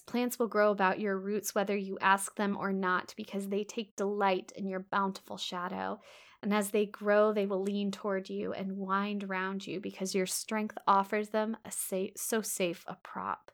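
A woman's voice: medium pitch, flat delivery, measured pace, a bit bright. A woman reading the part of an earnest, devoted young woman, speaking emphatically in a storybook reading. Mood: emphatic.

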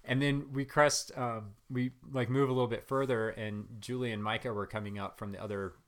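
A man, a guest runner, telling his story in casual interview chat, rambling with many fillers and animated. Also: medium pitch, brisk.

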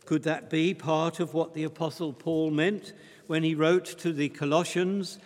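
Measured male preacher in a reverberant hall. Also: on the high side, little pitch movement. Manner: measured, emphatic, deliberate delivery. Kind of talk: sermon.

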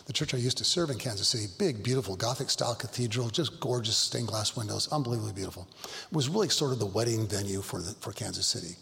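A middle-aged male pastor telling stories in a Bible study, earnest and halting, with frequent restarts. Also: lowish voice, expressive, vocal fry, fairly bright tone. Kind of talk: Bible study talk, storytelling. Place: church hall. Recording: long hall reverb.

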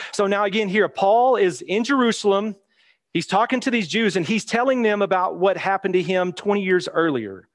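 A man with a slightly high voice teaches from the Bible. He talks plainly and conversationally, reading verses aloud and then explaining them in his own words. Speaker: preacher.

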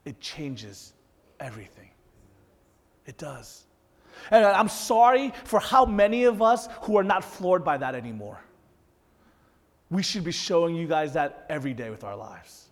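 Pastor, male, 30s; chatty, lively sermon delivery, slightly high voice. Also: a little slow, pauses often, long reverb tail. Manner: conversational, animated, addresses audience directly.

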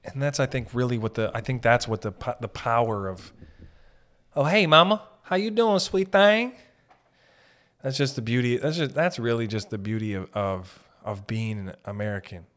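A man's voice: lowish voice, brisk, hardly any pauses. A man hosting a podcast, talking in a rambling, profane, comedic monologue that keeps breaking off mid-sentence. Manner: rambling, profane, self-interrupting, mock voices. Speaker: podcast host.

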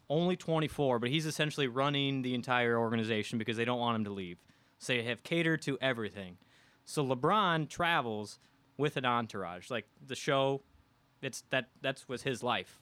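A man from the Midwest spins a casual story for a podcast, slipping into the voices of the people he quotes. His voice sits at an ordinary middle pitch, close and dry with no room sound around it. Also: fairly bright tone, smooth, dry recording. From American Midwest. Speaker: guest storyteller. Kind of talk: casual anecdote telling on a podcast.

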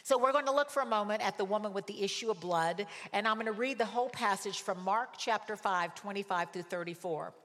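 A woman's voice: medium pitch, a little fast, hardly any pauses, fairly bright tone. A woman preaching a sermon, telling stories emphatically and repeating words for stress. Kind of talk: sermon with personal storytelling. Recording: long hall reverb.

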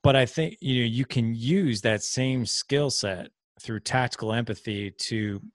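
A man's voice: medium pitch, unhurried, dry recording, studio quality. A middle-aged man hosting a podcast, explaining ideas in casual conversation and acting out little example dialogues. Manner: earnest, explains with examples and acted-out quotes. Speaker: podcast host.

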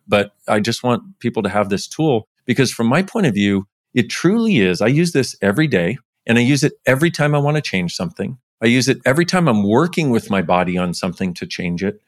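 A man speaking as a podcast guest in casual interview talk, animated, pushing his pitch up sharply for emphasis. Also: brisk, hardly any pauses, no echo, studio quality.

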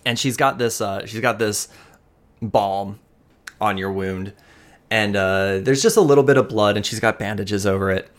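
A man with a lowish voice narrates as the game master of a tabletop game. His delivery is casual and halting, full of fillers.

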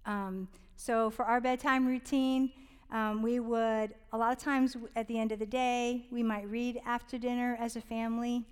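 Woman, higher voice, heartfelt rambling devotional parenting talk, long reverb tail. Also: little pitch movement, normal speed, clear, resonant tone. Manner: earnest and heartfelt, drops to a whisper on tender points; rambling, many fillers and restarts. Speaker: Christian parenting speaker.

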